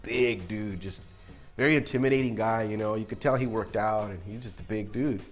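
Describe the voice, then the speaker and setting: A man telling army stories casually, animated and swearing now and then. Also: on the low side, fairly quick, soft background music. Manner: animated, acts out quoted voices, casual swearing. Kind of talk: casual storytelling.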